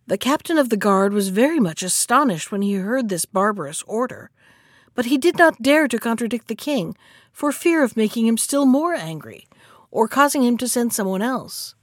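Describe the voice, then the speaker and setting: A woman narrating a fairy tale in a calm, measured reading voice. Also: a little high, no echo, clean studio sound. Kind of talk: scripted storybook narration.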